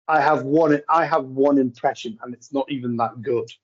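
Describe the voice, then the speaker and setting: A man's voice: medium pitch, steady tone, highs cut off, slight background noise. A man co-hosting a podcast, chatting casually about a film and stumbling over his words. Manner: halting, repeats words, laughs easily. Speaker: podcast co-host. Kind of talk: casual film commentary chat.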